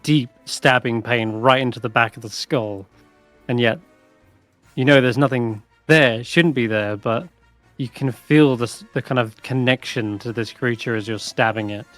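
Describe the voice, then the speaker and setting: A man narrating as dungeon master in a tabletop game, describing the scene deliberately. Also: medium pitch, a bit bright, dry recording, faint music behind.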